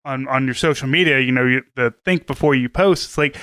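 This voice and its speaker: A man's voice: mid-range voice, moderate pace, a bit bright, smooth, dry recording. A man co-hosting a podcast, talking in an earnest, rambling way full of fillers. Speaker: podcast co-host. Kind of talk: casual podcast chat.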